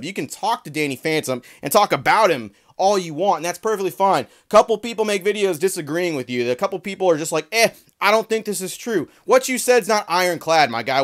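A man delivering a heated, profane, sarcastic commentary rant in a vlog. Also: a little high. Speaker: trading card commentary creator.

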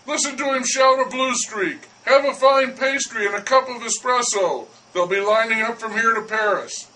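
A man's voice: very high-pitched, moderate pace, bright, forceful tone, recorded from a distance, slight background noise, pitched above the performer's own voice, poor audio. A man voicing a condescending poet who coolly talks down to a baker. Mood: patronizing. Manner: smooth, patronizing, persuasive. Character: languid condescending male poet.

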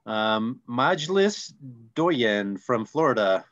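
A man co-hosting a casual online call, reading names in a relaxed, friendly, joking way. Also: mid-range voice, extremely slow, muffled recording. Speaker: co-host.

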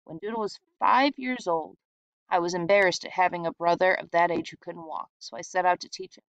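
A woman reading a short story aloud in a steady, reflective storytelling manner. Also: lowish voice, fairly quick, dry recording. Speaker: reader. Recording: dull lo-fi sound.

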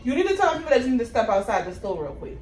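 A woman's voice: a little high, big pitch swings, very fast, a little mellow, reverberant, distant mic, a little hiss or hum. A woman arguing with her boyfriend, angry and accusing, cursing often. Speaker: girlfriend in prank. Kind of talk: heated casual argument.

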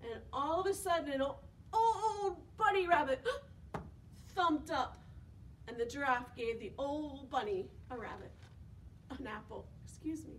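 A woman's voice: high voice, measured pace, distant mic, a little hiss or hum. A young woman leading preschool storytime, singing action songs and reading a picture book aloud with gasps and questions for the children. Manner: animated, sing-song, with gasps and questions to children. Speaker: children's librarian.

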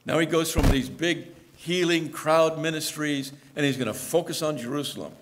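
A man's voice: on the high side, moderate pace, in a large hall. A male pastor preaching a sermon in a conversational storytelling manner, acting out the lines he quotes. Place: church.

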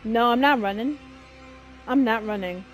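A woman's voice: fairly high pitch, normal speed, soft background music, low-quality recording. A woman streamer giving chatty, reactive let's-play commentary and swearing casually as she plays. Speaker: gameplay streamer.

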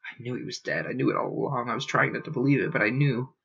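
Guy doing a guilty alien official, choked and quiet, muffled stream audio. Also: mid-range voice, animated, gravelly, breathy edge, heavily acted. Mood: choked, remorseful. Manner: choked, hushed, halting. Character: guilt-ridden male alien official, grieving.

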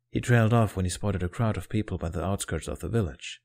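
A man narrating a fan fiction story as an audiobook, in a calm, steady storytelling manner. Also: low voice, fast talker, gravelly.

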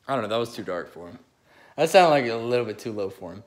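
A man's voice: mid-range voice, expressive, fast talker, a little hiss or hum. A young man chatting casually and rambling eagerly between his impressions, recorded on a phone. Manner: rambling, restarts often, eager. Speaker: amateur impressionist.

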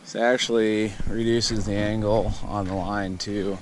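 A man's voice: on the low side, level tone, a little slow. Laid-back man talking outdoors by a river. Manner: laid-back, rambling, self-deprecating. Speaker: fishing vlogger. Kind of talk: casual self-filmed talk to camera. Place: outdoors on a river, kayak and sandbar. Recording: outdoor recording with noticeable river noise. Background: water and outdoor ambience.

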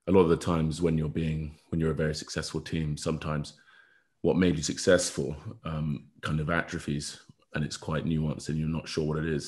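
A man's voice: very deep voice, darkish tone. A young man, a rugby player, chatting casually as a podcast guest and rambling with lots of filler words. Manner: rambling, full of fillers like "sort of".

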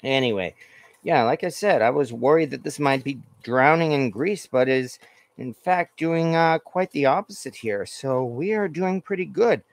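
Guy rambling over his skillet at home, ums and restarts everywhere, mid-pitched voice, dry sound. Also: normal speed, dry recording. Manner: rambling, filler-heavy, self-correcting. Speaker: cooking show host. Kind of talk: casual cooking chat while reading comments. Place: home kitchen at the stove.

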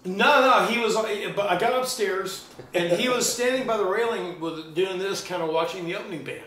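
A middle-aged man telling stories in a loose, animated way, swearing freely, in a casual chat. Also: sits high, normal speed, echoey room, distant mic, a little hiss or hum. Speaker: guest musician.

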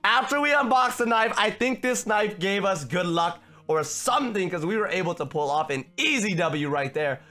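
A young man giving excitable, shouty commentary while playing a video game. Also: high voice, moderate pace, hardly any pauses. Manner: shouty, reactive, frequent outbursts. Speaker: gaming video host.

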